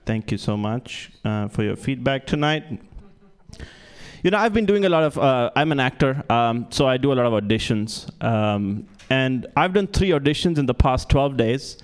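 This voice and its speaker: A man's voice: mid-range voice, animated, moderate pace, smooth. A young man performing a stand-up comedy set on a club stage, self-deprecating and stumbling over restarts. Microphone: handheld stage mic.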